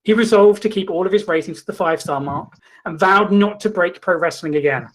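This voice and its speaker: A man hosting a comedy show, reading a mock-documentary story in a deadpan, mock-dramatic way. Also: high voice, a little fast. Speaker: comedy host. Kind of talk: mock-documentary comic narration.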